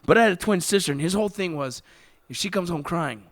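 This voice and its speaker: A man co-hosting a podcast, telling profane stories in an animated, casual way. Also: high voice, fast, dry recording. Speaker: podcast co-host. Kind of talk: casual bar-style storytelling.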